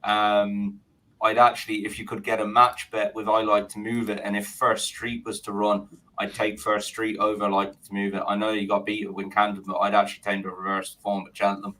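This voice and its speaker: A man co-hosting a racing podcast, giving his views in a relaxed, measured way with hesitant fillers. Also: lowish voice, low-quality recording. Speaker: podcast co-host. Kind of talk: casual betting chat.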